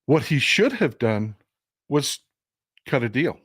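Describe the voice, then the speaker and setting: A man's voice: mid-range voice, sing-song, slow, fairly bright tone, husky, no room sound, studio quality. A man hosting a livestream of casual political commentary, emphatic and full of repeats and restarts, talking straight to his viewers. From Texas. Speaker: livestream host.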